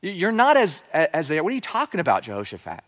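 Animated male preacher in a reverberant hall. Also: fairly high pitch, fast. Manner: animated, acts out characters' voices. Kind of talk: expository sermon.

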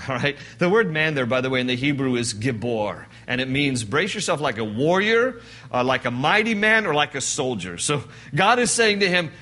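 A man's voice: mid-range voice, very animated, normal speed, sharp tone. A man preaching a sermon, talking through scripture in a conversational, joking way and acting out quoted lines. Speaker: pastor.

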